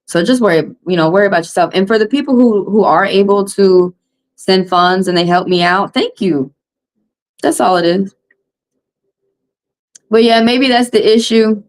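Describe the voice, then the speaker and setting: A woman's voice: mid-range voice, normal speed, pauses often, poor audio. A woman with a Southern US accent, a tarot reader venting bluntly and heatedly to her livestream viewers on a phone mic, repeating her points.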